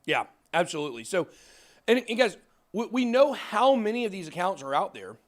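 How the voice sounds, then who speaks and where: Excitable man ranting, voice leaping high. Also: fairly quick. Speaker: crypto channel host. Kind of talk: fired-up casual talk on camera.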